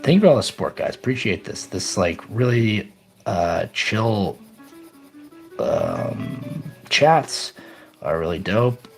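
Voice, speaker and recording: An animated man rambles casually on his live stream, reacting to chat in an upbeat way. His pitch swings widely from line to line. Faint music plays behind him. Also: slow pace, creaky.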